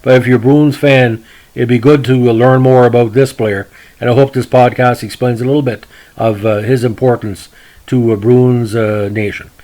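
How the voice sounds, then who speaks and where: A man hosting a hockey history podcast alone, in an ordinary mid-pitched voice. He rambles in a folksy way, and his sentences fill up with fillers and restarts. He keeps turning to his audience with old-fashioned announcer phrases. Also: steady tone, moderate pace, rough recording. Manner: folksy, repeats "ladies and gentlemen", many fillers and restarts. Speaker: podcast host.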